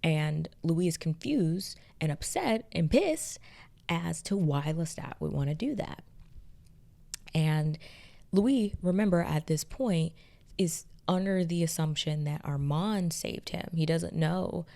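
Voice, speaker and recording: A young woman casually recapping and reviewing a TV episode, excitable and chatty with many fillers. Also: deep voice, a little slow, vocal fry. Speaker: pop culture video essayist.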